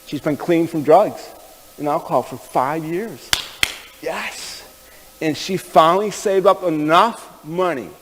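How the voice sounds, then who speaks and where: A man's voice: on the high side, in a large hall, low-quality recording. A man preaching a sermon, telling stories in a folksy, conversational way and speaking directly to the men in the room. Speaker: pastor. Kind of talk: sermon storytelling.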